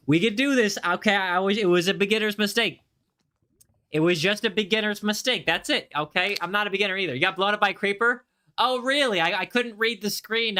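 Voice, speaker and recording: Hyped high-voiced male game streamer. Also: bright, forceful tone, clear, resonant tone. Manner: hyped, playful, talks straight to chat. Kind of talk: live gaming stream, reading chat aloud.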